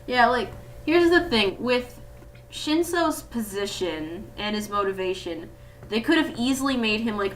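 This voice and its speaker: A woman's voice: a little high, bright, forceful tone, a little hiss or hum. A woman in a casual anime chat, giggly and blunt, swearing often. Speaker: co-host. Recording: voice distant from the mic.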